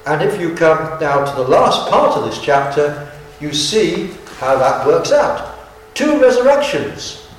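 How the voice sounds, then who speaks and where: A man's voice: on the high side, very animated, measured pace, a little hiss or hum. A man preacher giving a sermon in an earnest, emphatic style that keeps repeating key phrases. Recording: very echoey hall, from far off.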